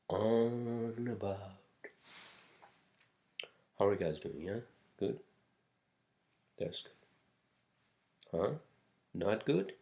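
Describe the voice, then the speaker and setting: A man's voice: low-pitched, vocal fry, a little mellow. A man hosting a casual solo podcast, rambling from topic to topic with frequent swearing and fillers. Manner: rambling, profane, many fillers and asides. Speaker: podcast host.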